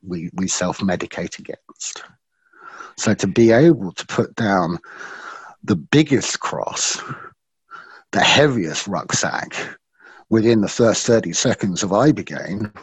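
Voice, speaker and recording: A man guest on a podcast, reflectively telling a personal story in an earnest way and slowing down for emphasis. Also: low voice, breathy edge, no echo.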